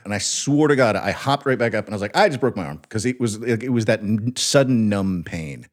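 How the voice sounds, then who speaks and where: A man's voice: lowish voice, animated, a little fast. A young adult man co-hosting a podcast, laughing often and tossing in quips while he tells stories. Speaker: podcast co-host. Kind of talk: casual storytelling chat.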